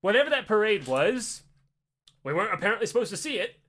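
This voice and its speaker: A man hosting a podcast, telling a story in an animated, casual way, swearing a lot and acting out the people in it. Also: high voice, quick pace. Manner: animated, heavy swearing, acts out voices. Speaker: podcast host.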